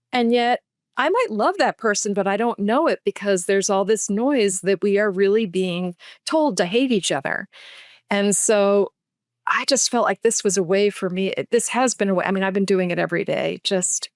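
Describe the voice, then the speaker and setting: A woman's voice: mid-range voice, no room sound. A woman from the United States, a guest author, speaks in a heartfelt and emotional way on a podcast. Her voice sits in a middling range, and the recording is close and dry, with no room sound. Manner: earnest and emotional, speaks slowly with feeling.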